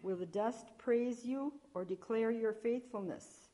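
A woman reading scripture aloud at a church service, measured, with small slips and restarts. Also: on the high side, dark tone. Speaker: lector.

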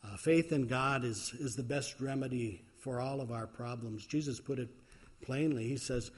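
A man's voice: medium pitch, normal speed. A man as pastor, preaching a sermon in a folksy way with frequent fillers.

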